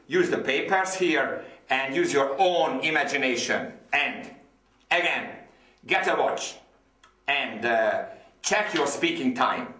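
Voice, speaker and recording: A man's voice: a little high, a bit bright, reverberant. A man with a Hungarian accent, a native Hungarian speaker, giving an online English lesson with enthusiasm, repeating words and using many fillers. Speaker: English teacher.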